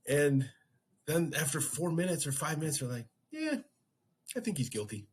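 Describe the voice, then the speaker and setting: A man's voice: on the high side, sing-song, moderate pace, breathy edge. A man hosting a podcast, casually telling a story and acting out his own reactions. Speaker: podcast host.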